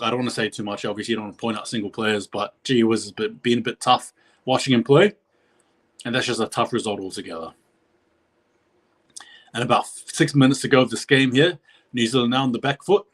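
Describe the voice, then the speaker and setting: Guy doing live play by play on his stream, rambly, corrects himself, gets loud and high when something big happens. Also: normal speed, long pauses. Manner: rambling, self-correcting, pitch jumps at big plays. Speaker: live stream reaction host.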